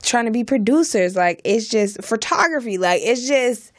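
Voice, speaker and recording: A woman's voice: on the high side, lively intonation, normal speed, no room sound, studio quality. A young woman co-hosting a podcast, chatty and leaning heavily on "like.". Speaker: podcast co-host. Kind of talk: casual podcast chat.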